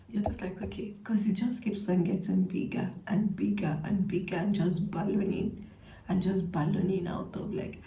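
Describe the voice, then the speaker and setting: A woman giving a tarot reading, talking straight to the listener in a breathy half-whisper full of playful asides. Her voice is dark and gravelly. The room has a clear echo. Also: mid-range voice, steady tone, measured pace. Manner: breathy half-whispered delivery, playful, chatty with many likes. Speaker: tarot reader. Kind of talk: intuitive reading to camera.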